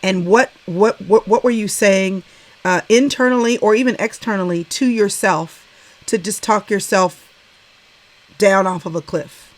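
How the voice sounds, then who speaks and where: A woman in her forties hosting a casual conversation over a video call, affirming and quick to laugh. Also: medium pitch. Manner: warm, affirming, laughs often. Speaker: host.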